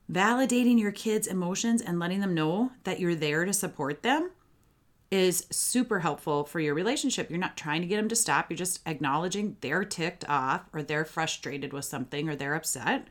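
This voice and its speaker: A woman's voice: on the low side, moderate pace. A woman hosting a parenting podcast, explaining in a matter-of-fact, conversational coaching tone. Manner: matter-of-fact, warm coaching with acted example phrases.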